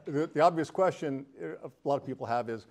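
A man's voice: fairly high pitch, a little fast. An older man giving a casual presentation to a live audience, chatty and joking, bantering with the crowd. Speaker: talk presenter.

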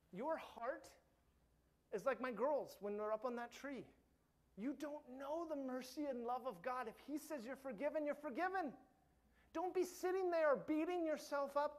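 A middle-aged man preaching a sermon as pastor, earnest and emphatic, dropping soft and slow on his key points. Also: extremely high pitch.

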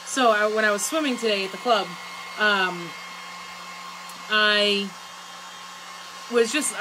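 A woman chats through a craft session, drifting from one story to the next and laughing often. She has a talkative, rambling manner. A hair dryer roars loudly behind her voice. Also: mid-range voice, poor audio. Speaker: craft vlogger. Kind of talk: casual chat while crafting. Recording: loud hair dryer noise.

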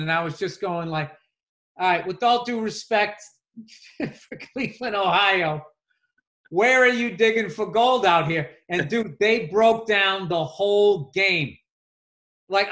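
A man co-hosting a podcast, telling animated stories in casual chat and swearing freely. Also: sits high. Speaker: podcast co-host.

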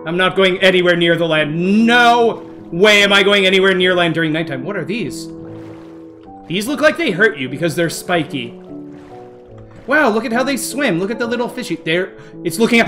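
A young man streaming a game live to his chat, excitable and jumpy, repeating himself in bursts when scared. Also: high-pitched, moderate pace, soft background music. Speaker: gaming streamer. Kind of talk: live gameplay commentary.

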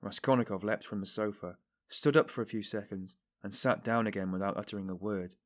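A man narrating a classic novel as an audiobook in a measured, low-key way. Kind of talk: scripted narration.

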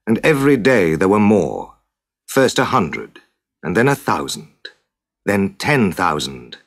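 A man narrating a classic children's story with dramatic, deliberate storytelling. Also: on the low side.

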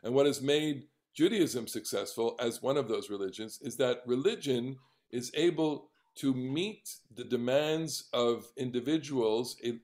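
A middle-aged man, a rabbi, leading a conversational class discussion, talking in halting bursts with many restarts and repeated words. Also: medium pitch, darkish tone.

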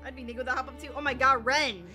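A woman streamer giving excitable live gameplay commentary, exclaiming and swearing freely. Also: high-pitched, fast. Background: game music.

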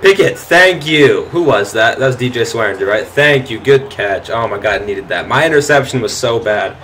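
A young man commentating his own football video game, frustrated and swearing, breaking into shouts and laughs at bad plays. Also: on the low side, a little fast. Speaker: gaming channel host. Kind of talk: gameplay commentary.

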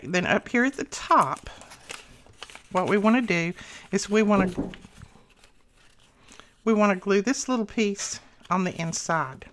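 A chatty woman walks viewers through a paper craft, talking as she cuts and glues. Her voice sits a little low, and she sounds slightly out of breath. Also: fairly bright tone. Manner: chatty, talks to viewers while working. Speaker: craft channel host. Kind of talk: casual craft tutorial.

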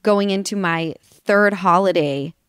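A woman's voice: medium pitch, measured pace, a bit bright, clean tone, no echo, clean studio sound. A woman hosting a podcast in casual, candid chat, open and emotional, laughing often. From Los Angeles. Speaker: podcast host.

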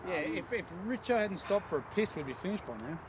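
An Australian man joking and ribbing his mates, his voice sitting a little high. He's outdoors on a golf course, with clear background noise under him. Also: sing-song, fast. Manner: joking, teasing. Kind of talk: casual banter on a golf course.

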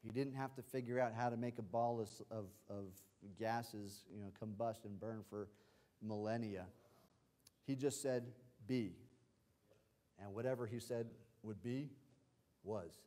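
A man's voice: fairly low pitch, fairly even intonation, unhurried. Man preaching with rising fervor. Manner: swings from quiet teaching to loud exclaiming, with hallelujahs. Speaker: pastor. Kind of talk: livestreamed sermon.

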